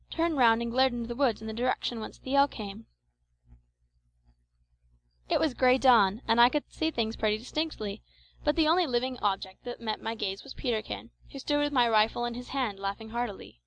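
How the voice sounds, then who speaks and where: A woman reads an old adventure novel aloud in a measured, expressive way. Her voice sits a touch high, and she keeps a steady storytelling rhythm. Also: rough recording. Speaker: audiobook narrator. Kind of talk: scripted audiobook narration of an adventure novel.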